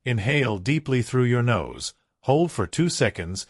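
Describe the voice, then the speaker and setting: A man reading a self-help audiobook as scripted narration, in an even, instructive way with deliberate pauses. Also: medium pitch, husky, no echo, studio quality.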